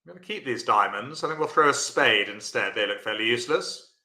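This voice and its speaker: A man's voice: medium pitch, animated, a little fast, pushed and bright, reverberant. A man teaching a live-streamed bridge lesson, chatty and encouraging, answering viewers by name.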